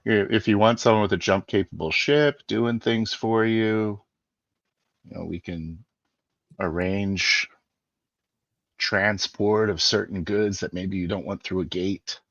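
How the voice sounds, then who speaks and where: A man haggling in character at a tabletop game, persuasive and full of fillers. His voice is very deep. The sound is slightly dull and dry. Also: a little slow, fairly bright tone, dry recording. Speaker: player. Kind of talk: in-character tabletop role-play.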